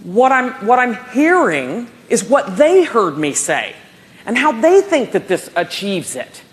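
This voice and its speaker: A woman in her forties gives a motivational talk to a conference audience. Her pitch leaps and falls as she tells stories and acts out what people said. She speaks to the crowd from a stage. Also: unhurried. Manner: animated, telling stories and acting out dialogue. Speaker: keynote speaker at a professional conference.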